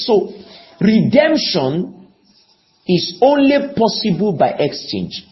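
A man delivers a sermon at a slow, deliberate pace, his fairly high voice rising and falling widely. He pleads with his listeners and keeps asking them questions. The recording sounds dull and lo-fi. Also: sing-song. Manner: emphatic, slow, pleading, asks the audience questions. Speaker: preacher.

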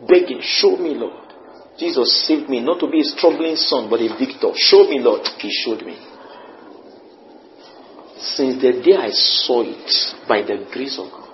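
A man preaching a sermon, swinging between quiet murmured prayer and excited high shouts. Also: highs cut off, a little hiss or hum.

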